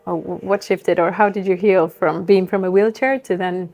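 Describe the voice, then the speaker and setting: A woman's voice: lowish voice, fairly even intonation, normal speed, darkish tone, highs cut off. A woman hosting a podcast, listening attentively and asking short questions. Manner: attentive, brief encouraging replies. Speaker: podcast host. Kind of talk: podcast interview.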